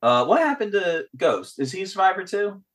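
A man's voice: high voice, brisk. A man hosting a podcast, animatedly talking through a film's ending in casual chat and acting out its lines. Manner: animated, acts out lines from the film. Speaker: podcast host. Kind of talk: casual film discussion.

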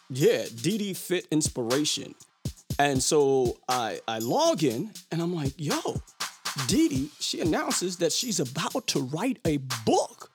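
Guy rambling on his podcast, lots of ums, lively up and down voice, bit of music in the back. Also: on the high side, no room sound, clean studio sound. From Brooklyn. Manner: animated, rambling, lots of fillers. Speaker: podcast host. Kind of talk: casual chat.

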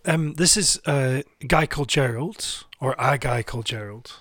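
Male radio co-host, mid pitch, chatty and rambling, very dry close sound. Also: normal speed, fairly bright tone, no room sound. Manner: rambling and chatty, with easy laughter. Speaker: radio co-host playing records. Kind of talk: casual chat between records.

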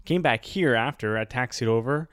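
A man's voice: medium pitch, normal speed, no echo, clean studio sound. A young man co-hosting a podcast, telling a story in a rambling, profane way with lots of fillers and laughs. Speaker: podcast co-host. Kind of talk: casual chat, storytelling.

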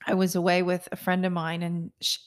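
A woman's voice: fairly low pitch, monotone, brisk. Chatty woman podcast co-host. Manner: chatty storyteller, laughs often. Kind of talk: casual chat.

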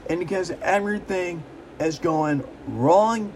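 A man's voice: sits high, unhurried, slight background noise, poor audio. A young man in a blunt, repetitive, emphatic monologue, giving his opinions as a commentator. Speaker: political commentator. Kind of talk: casual ranting monologue.

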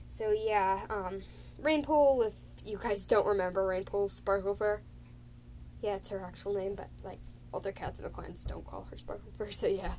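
A woman's voice: medium pitch, moderate pace, dark tone, slight background noise. A woman casually recapping a role-play story, rambling and giggling with many fillers.

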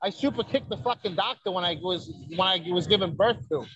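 Brash profane high-voiced wrestler. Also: male voice, brisk, a bit bright, highs cut off. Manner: brash, profane, boastful storytelling. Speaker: wrestler guest. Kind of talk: casual podcast interview.

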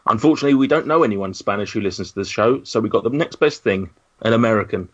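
A man's voice: fairly low pitch, fast talker, slightly rough. A man hosting a casual podcast, giving jokey, teasing introductions of his guests. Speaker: podcast host. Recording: dull lo-fi recording.

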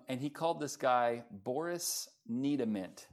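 A middle-aged man preaching a sermon, telling stories in a relaxed, conversational way with many fillers and small chuckles. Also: medium pitch, a little slow. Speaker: pastor.

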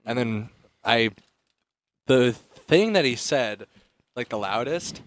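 A young man co-hosting a podcast, chatting casually and cutting in with quick jokes. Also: a little high, dry recording. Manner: joking interjections and quick banter. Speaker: podcast co-host. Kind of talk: casual chat.

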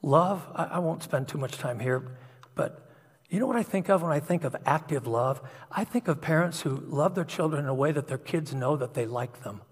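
A man's voice: on the high side, moderate pace, slightly rough. A middle-aged man preaching a sermon, telling personal stories in an earnest, confessional way. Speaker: pastor. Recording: long hall reverb.

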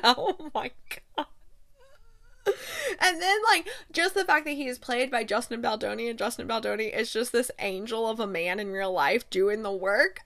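A young woman hosting a casual TV recap, gushing and excitable as she talks. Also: on the high side, moderate pace. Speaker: podcast host.

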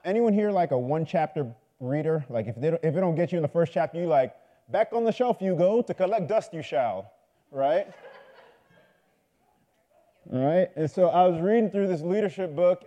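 A man's voice: a little high, dark tone. A man preaching a sermon, telling a story in a loose, conversational way and building to fervent appeals.

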